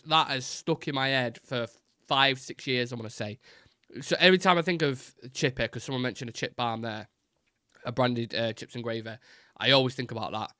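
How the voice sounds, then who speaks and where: A man hosting a live football fan show, fast-talking and rambling with many fillers while reading chat messages. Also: medium pitch, bright, forceful tone, smooth, no room sound, studio quality.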